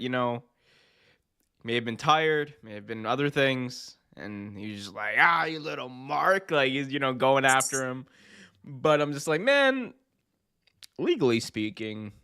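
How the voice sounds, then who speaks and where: A man's voice: mid-range voice, pushed and bright, clear, resonant tone. A man co-hosting a podcast, chatting casually and laid-back, laughing often. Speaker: podcast co-host. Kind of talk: casual wrestling chat.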